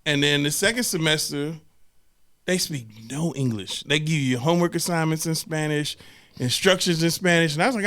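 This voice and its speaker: This man co-hosts a casual podcast, and his voice is bright and sits on the high side. He tells stories in slangy, profane talk and acts out the other people in them with plenty of laughter. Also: a little fast. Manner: animated, laughing storyteller acting out voices. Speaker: podcast co-host. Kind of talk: casual chat, storytelling.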